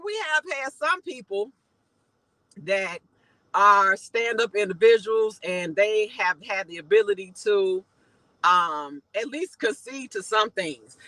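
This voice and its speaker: A woman's voice: mid-range voice, no echo, low-quality recording. Heated Chicago woman ranting. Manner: emphatic, heated, rising to shouts when indignant. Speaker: channel host giving commentary. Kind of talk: commentary rant to viewers.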